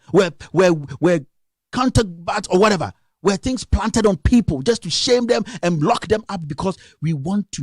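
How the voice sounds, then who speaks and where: Fired-up Ghanaian man, animated and dry. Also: sits high, no echo. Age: young adult. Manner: impassioned, scolding, rhetorical questions. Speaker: radio commentator. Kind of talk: political rant on a live stream.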